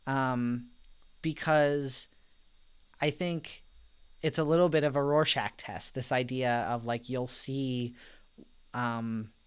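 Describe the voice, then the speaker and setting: Man, Bible study leader, live stream, casual conversational talk, gentle, reflective, soft laughs. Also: medium pitch, fairly even intonation, slow pace, pauses often, clean tone. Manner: gentle, reflective, reads out viewer comments.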